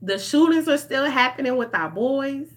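A woman's voice: high-pitched, expressive, normal speed. A young woman, talking straight to her viewers in an impassioned vlog. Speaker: vlogger. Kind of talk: emotional direct-to-camera commentary.

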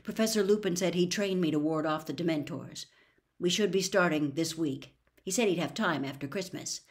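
A woman's voice: on the low side, moderate pace, close to an everyday voice. A woman voicing a weary, subdued teenage boy in a storybook reading. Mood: gloomy. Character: gloomy teenage boy wizard.

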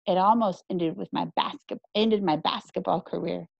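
A woman's voice: lowish voice, moderate pace, vocal fry. A woman voicing an easygoing sporty boy telling a story in a matter-of-fact way. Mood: chatty. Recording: dry, slightly muffled recording.

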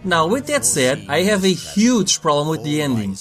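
A man's voice: a little high, big pitch swings, moderate pace, fairly bright tone, soft background music. A young adult man reading a scripted video game review, blunt and sarcastic and swearing for emphasis. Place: voice-over over game footage.

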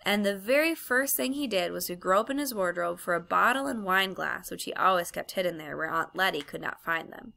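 Bright, gravelly woman narrator. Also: fairly low pitch, animated, fairly quick, few pauses. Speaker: audiobook reader. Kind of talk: storybook narration.

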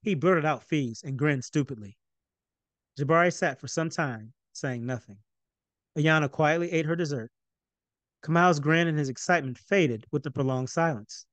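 Male author narrating his novel, fairly high voice, dry close sound. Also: normal speed, no room sound. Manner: even, storytelling narration. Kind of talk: reading his novel aloud.

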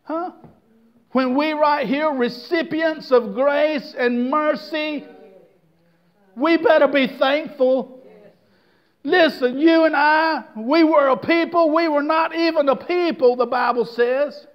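Male pastor, very high voice, slow delivery, folksy sermon, dull lo-fi church tape. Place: church service.

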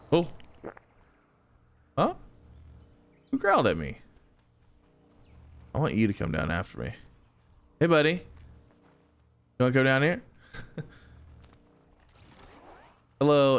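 A young gaming YouTuber with a medium-pitched voice delivers excitable let's-play commentary, chuckling and chatting with the enemies he fights.

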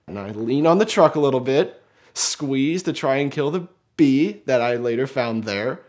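Young guy, casual storyteller, self-mocking, mid-pitched, acts out the quotes. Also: expressive, normal speed, a little mellow.

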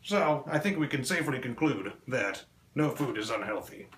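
A man doing a crude stand-up comedy set, delivering deadpan one-liners on a small club stage. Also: mid-range voice, normal speed. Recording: echoey room with faint ambience.

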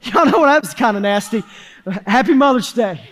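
A man with a strikingly high voice preaches a fervent sermon in a church. He swings from shouted, urgent peaks down to hushed, quiet stretches, speaking in a folksy, down-home way. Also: lively intonation, normal speed, a little hiss or hum. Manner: folksy Southern phrasing. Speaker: pastor. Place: church sanctuary.

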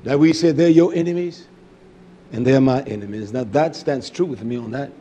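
A man preaching a fiery, confrontational sermon, scolding and cursing, swinging between loud outbursts and low muttering. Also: normal speed, muffled recording, slight background noise.

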